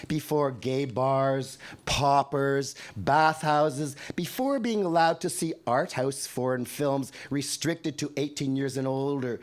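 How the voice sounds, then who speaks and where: Older canadian guy doing profane deadpan poems at a mic on stage. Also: mid-range voice. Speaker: poet. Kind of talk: performed poetry reading. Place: live venue stage. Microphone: handheld microphone.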